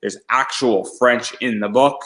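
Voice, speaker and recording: A man's voice: mid-range voice, fairly even intonation, unhurried, fairly bright tone, poor audio. A man hosting a casual interview, talking in a rambling, hesitant way with many restarts. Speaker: podcast host.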